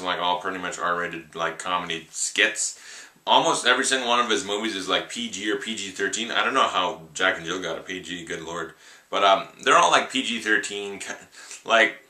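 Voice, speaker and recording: A young man talks through a film review in a loose, offhand ramble that leans on "like". His voice sits fairly low but sounds very bright. The room is echoey. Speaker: movie reviewer. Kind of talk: casual spoken film review.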